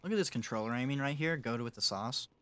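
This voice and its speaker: A man's voice: medium pitch, fast. A young man streaming a game live, chatting casually with his viewers, answering chat and laughing often.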